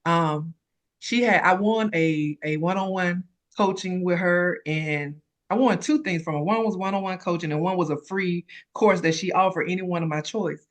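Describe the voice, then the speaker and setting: A woman telling an emotional personal story about starting her business, animated and close to tears. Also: lowish voice, moderate pace. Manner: animated storytelling, acts out others' voices. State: tearful. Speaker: credit repair consultant sharing her story.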